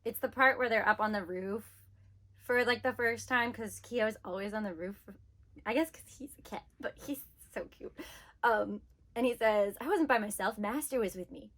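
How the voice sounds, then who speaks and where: A woman's voice: fairly high pitch, normal speed. A woman vlogger ranting in casual chat, talking animatedly and saying "like" a lot. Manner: animated ranting, heavy use of "like". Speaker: book vlogger.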